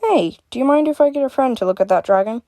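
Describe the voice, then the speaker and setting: A woman's voice: sits high, expressive, fast, mellow, no room sound, clean studio sound, voice pushed up. A woman voicing a determined young fox-girl heroine who speaks earnestly and directly.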